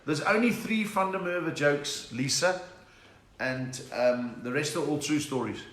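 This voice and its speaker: A South African comedian chats and puns through a home live stream, reading out viewers' names. His voice sits a little high. The room is echoey. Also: measured pace, a bit bright. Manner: chatty, punning, reads out viewer names. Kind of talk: casual joke-telling live stream.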